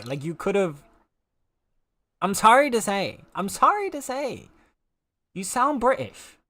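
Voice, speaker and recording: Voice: mid-range voice, no room sound. A game streamer chatting casually with viewers while playing, playful and teasing. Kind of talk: casual live-stream chat while gaming.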